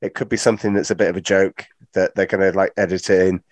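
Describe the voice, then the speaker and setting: A man co-hosting a casual panel chat, animated and opinionated, often stumbling over repeated words. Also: low voice, quick pace, no echo. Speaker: podcast co-host.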